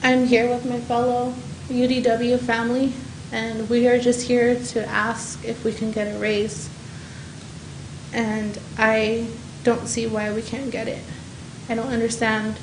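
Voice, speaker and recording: A woman addresses county officials from the podium, frustrated and pleading, her fairly high voice staying flat in pitch. The room is echoey and a faint hum sits underneath. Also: unhurried. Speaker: public commenter, home care provider. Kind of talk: public comment at a county meeting. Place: council chamber.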